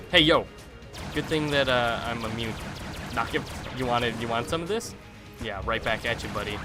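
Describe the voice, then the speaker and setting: Chatty male let's-play host, mid-pitched, rambling commentary over game music. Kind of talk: live gameplay commentary. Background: game music and gunfire.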